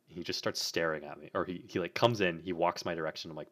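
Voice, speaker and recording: Very deep-voiced young man, rambling. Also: steady tone, fast, hardly any pauses, a bit bright. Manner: rambling, many fillers, laughs often. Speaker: podcast co-host. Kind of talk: casual storytelling chat.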